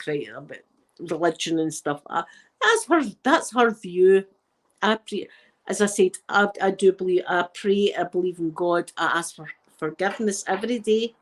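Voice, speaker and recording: A middle-aged woman from Glasgow with a Glaswegian Scottish accent, chatting casually and rambling as she tells stories, often laughing. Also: mid-range voice. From Scotland. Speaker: channel host. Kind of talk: casual chat.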